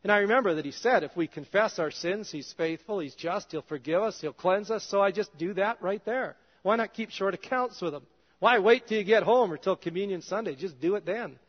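A male pastor preaching a conversational sermon in a church, his voice dropping soft and low at times. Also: fairly quick. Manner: conversational, drops soft and low in quoted prayers. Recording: dull reverberant hall sound.

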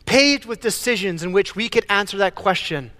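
A man preaching a sermon as pastor, animated, often stumbling and repeating words as he builds a point. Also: high-pitched, moderate pace, big-room sound.

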